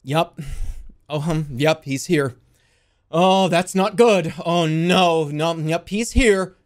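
A man voicing his worried mother answering the phone in short, halting replies. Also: fairly high pitch.

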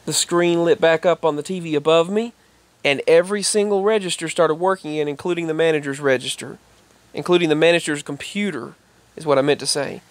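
A man's voice: on the high side, fairly quick, dry recording. A man telling a rambling personal story in casual vlog style. He repeats himself and raises his voice when he quotes other people. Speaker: vlogger.

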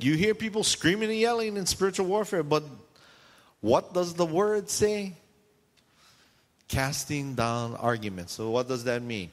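A man preaching a sermon to a congregation in a church, animated and full of rhetorical questions, sometimes acting out shouting voices. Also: mid-range voice. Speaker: pastor. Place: church sanctuary. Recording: long hall reverb in a church.

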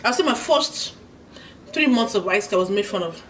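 In a casual mukbang for her channel, a Nigerian vlogger tells a chatty story in Nigerian-accented English, her mid-range voice expressive. She stops to eat and hum with delight. The sound comes from a slightly distant mic with faint background noise.

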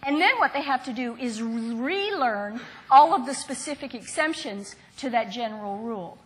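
Woman from the south giving a uni lecture, high voice, keeps asking the class questions. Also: lively intonation, moderate pace. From Southern United States. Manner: engaging, quizzes the audience. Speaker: university lecturer. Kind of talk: university lecture.

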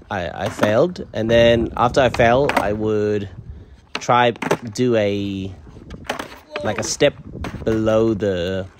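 Male skate vlogger, casual voice-over, hesitant delivery, low-ish voice, noisy recording. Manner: hesitant, many fillers and restarts.

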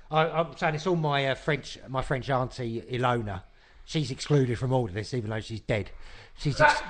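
A man's voice: mid-range voice, fairly bright tone. A man with a rambling, mock-sincere manner, trading crude insults as a podcast co-host. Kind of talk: crude comedy banter.

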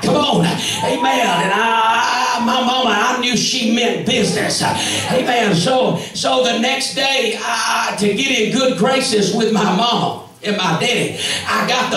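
A man with a Southern US accent preaching a testimony sermon, shouting and punctuating his story with "come on" and "amen.". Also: extremely high pitch. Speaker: evangelist preacher. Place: church sanctuary. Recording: echoey church from far off.

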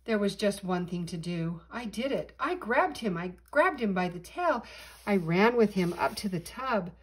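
Grandma reading a kids book, breathy voice, lots of expression. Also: female voice, mid-range voice, expressive, moderate pace, poor audio. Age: older. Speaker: storyteller. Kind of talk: storybook read-aloud.

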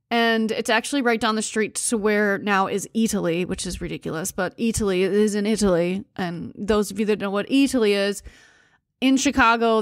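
A woman's voice: medium pitch, no echo, clean studio sound. A woman from the United States hosting a podcast, telling stories in a chatty, rambling way with fillers and self-corrections. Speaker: podcast host. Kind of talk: casual storytelling monologue.

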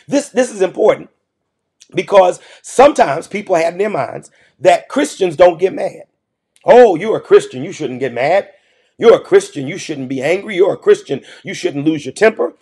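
A male pastor delivers a morning devotional sermon in a fairly high voice. He speaks with emphasis and drives each point home by repeating his key phrases. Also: darkish tone, husky. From United States.

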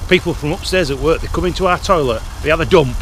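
A man's voice: fairly high pitch, fast talker. A middle-aged man with a Yorkshire accent, vlogging his travels in a grumbling, crude, swearing manner. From Yorkshire, England. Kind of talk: casual travel vlog. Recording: loud background noise, outdoors and in car.

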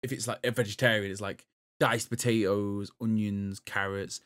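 A man co-hosts a gaming podcast, chatting loosely, rambling, and swearing casually. His voice is on the low side and a bit bright, with fairly even intonation at a normal speed.

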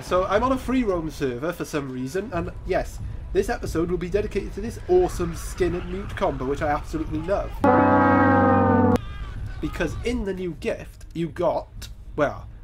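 A man with a congested, nasal voice from a cold, giving chatty gameplay commentary and exclaiming at mishaps. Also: a little high. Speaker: gaming YouTuber.

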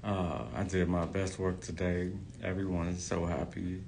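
A man's voice: low-pitched, flat delivery, moderate pace, creaky, darkish tone, a little hiss or hum. A hairstylist talking to his followers in a casual, effusive vlog, gushing and repeating himself.

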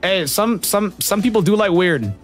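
Lively slang-heavy male streamer. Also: high-pitched, normal speed, faint music behind. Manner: animated, slangy and profane, laughs a lot. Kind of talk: casual livestream chat with viewers.

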